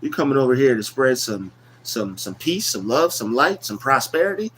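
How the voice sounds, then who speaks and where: A man's voice: mid-range voice, very animated, moderate pace, hardly any pauses, fairly bright tone, a little hiss or hum. A man hosting a casual motivational livestream, talking in a loose, repetitive, preachy way about affirmations. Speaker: livestream host.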